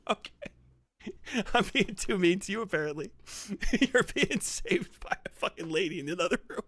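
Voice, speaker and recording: Guy in his 30s ribbing someone on stream, laughs a lot, bright edgy voice. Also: high voice, animated, a little slow, pauses often, slightly rough, no room sound. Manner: teasing, goading, laughs often. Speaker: streamer taunting a younger guest. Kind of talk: mocking live-stream banter.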